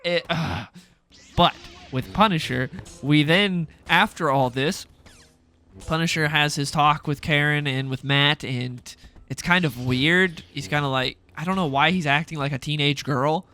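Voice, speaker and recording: A young man delivering a heated solo rant as a video creator. He sounds exasperated and sarcastic and talks in rapid-fire bursts. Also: on the high side, sharp tone, soft background music.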